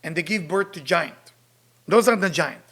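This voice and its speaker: Emphatic teacher, man, gravelly. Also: high-pitched, normal speed, bright, forceful tone. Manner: emphatic, repeats rhetorical questions. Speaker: Kabbalah teacher. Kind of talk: spiritual lecture reading and translating Hebrew text.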